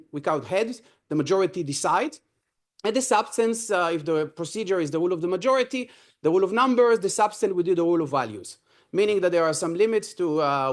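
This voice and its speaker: Male lecturer, fairly high voice, halting delivery full of fillers, allergy cough. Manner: hesitant, many fillers and restarts. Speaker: invited speaker. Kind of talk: academic lecture. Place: university lecture room.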